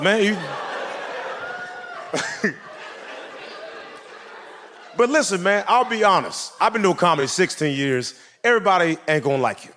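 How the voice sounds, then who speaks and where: This stand-up comedian's voice sits high, moving at normal speed with frequent pauses as he tells a story and performs its characters with lots of energy. Recorded live on a comedy stage, the set includes audience noise, laughter, and ambience.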